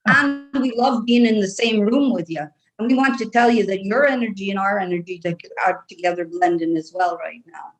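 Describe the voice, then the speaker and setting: Woman w irish brogue doing trance channeling, slow soothing repeats, mid pitch. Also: faint music behind, low-quality recording. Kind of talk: trance channeling, speaking as a group of guides.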